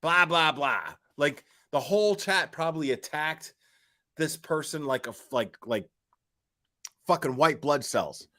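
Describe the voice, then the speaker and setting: A man's voice: fairly high pitch, unhurried, a bit bright. A man hosting a live stream, ranting casually and profanely, full of "like" and "you know". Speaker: livestream host.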